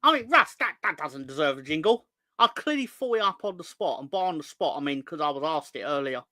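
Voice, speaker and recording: Man, fan stream host, bright pitch, dry close sound, cheeky rambling banter. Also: animated, a little fast, dry recording. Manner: rambling, jokey, sweary banter with chat. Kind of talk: casual live-stream chat.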